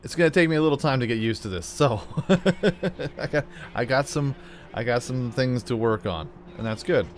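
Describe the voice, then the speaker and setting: A man's voice: mid-range voice, moderate pace, slight background noise. A man hosting a casual let's-play, joking and grumbling at the game while he plays, with the hiccups. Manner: animated, joking, talks back to the game. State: has the hiccups. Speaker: gaming channel host.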